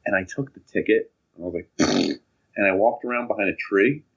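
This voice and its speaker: A lively, husky-voiced young man spins funny stories in a casual podcast chat. His pitch is low but swings a lot as he acts out other people's voices. The audio sounds a bit dull and lo-fi. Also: moderate pace. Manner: animated, acts out voices in anecdotes, laughs often. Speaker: podcast co-host.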